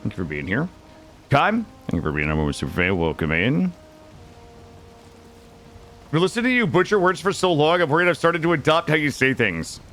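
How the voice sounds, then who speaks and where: A slight hiss or hum sits under this man's rather high, brisk voice, which pauses often. While streaming a game, he chats informally with viewers, rambling through lively stories, swearing freely and saying hello to chat members by name.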